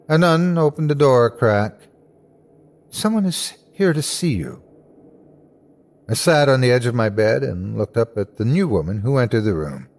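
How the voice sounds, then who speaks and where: A man hosting a podcast and narrating a first-person horror story dramatically, swinging from hushed lines to cries. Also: medium pitch.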